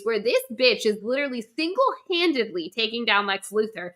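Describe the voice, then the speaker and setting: Young woman podcast co-host, bright and punchy delivery, emphatic rants with casual swearing. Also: on the high side, brisk, few pauses. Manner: emphatic, animated, swears freely. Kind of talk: casual ranting chat.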